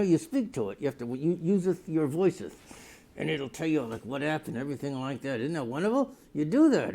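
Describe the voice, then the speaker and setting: Gravelly high-voiced comic host. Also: male voice. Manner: mock pitchman voice, sudden jumps in pitch and loudness. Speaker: comedy host of a spoof news show. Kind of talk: rambling deadpan comic monologue.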